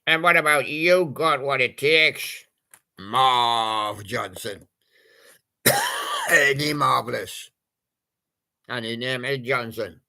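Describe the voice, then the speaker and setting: Slow, gravelly man with a bright voice. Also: medium pitch, huge pitch swings. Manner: punning, playful, sings snatches of song. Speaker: radio presenter. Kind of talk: jokey oldies radio patter.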